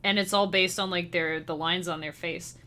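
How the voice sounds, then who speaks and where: A woman's voice: fairly low pitch, fairly even intonation, normal speed, pushed and bright. A woman chatting casually with her live-stream chat as a musician, bubbly and giggly, speaking straight to her viewers. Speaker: livestreamer and chiptune musician.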